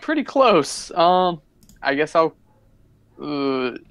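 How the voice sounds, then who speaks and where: A man's voice: on the high side, big pitch swings, takes it slowly, fairly bright tone, smooth, no echo. A man playing a tabletop game, speaking hesitantly with many fillers and stumbles. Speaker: player. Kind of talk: casual chat at a game table.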